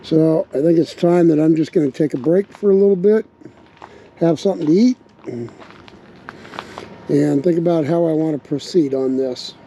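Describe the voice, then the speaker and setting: A man in a relaxed, casual vlog, thinking aloud as he talks through a project outdoors, with a slight bark in his voice. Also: on the high side, normal speed, pauses often. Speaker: RV vlogger building a truck tank. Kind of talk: casual workshop vlog narration. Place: outdoors at a windy campsite. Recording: dull lo-fi outdoor recording with wind noise.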